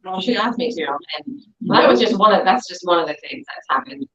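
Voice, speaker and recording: A middle-aged woman, a guest, telling a story in an animated, lively way over a video call. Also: lowish voice, a little fast, echoey room, muffled recording. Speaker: guest, crystal seller. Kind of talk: casual storytelling chat.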